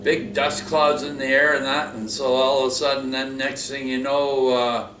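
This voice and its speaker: A man's voice: mid-range voice, level tone, a little slow, noisy background. A man telling a long work story casually, rambling with restarts and constant "right?" and "eh?" tags. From Canada. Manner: rambling, full of restarts and tag questions like "right?" and "eh?". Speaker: vlog storyteller. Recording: roomy echo, voice distant from mic.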